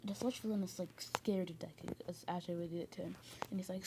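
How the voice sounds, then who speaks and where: A woman's voice: on the low side, steady tone, fast, noisy background. A woman casually retelling a fan story, rambling with many fillers and restarts.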